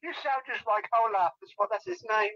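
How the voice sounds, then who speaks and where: A man's voice: extremely high pitch, very animated, fairly quick, vocal fry, pushed and bright. A man, a guest telling rambling, giggly anecdotes in a casual interview, over muffled call audio. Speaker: guest, celebrity lookalike.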